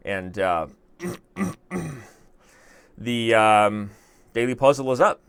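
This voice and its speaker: A young man hosting a chess stream muses aloud over a puzzle, chatty and self-mocking. His medium-pitched voice is animated and fairly bright but creaky, stretching out words and leaving long pauses, all on a dry recording.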